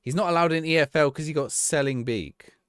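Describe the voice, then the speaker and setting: A man's voice: fairly high pitch, fairly quick, a bit bright, clean tone, no echo, clean studio sound. A young man casually chatting through a live game stream, answering chat in a rambling, easygoing way and laughing often. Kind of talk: casual gameplay commentary, reading chat.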